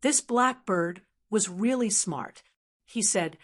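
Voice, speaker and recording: A woman reads a fantasy novel aloud in scripted audiobook narration. Her delivery is slow and even, at a middle pitch. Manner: even, measured storytelling.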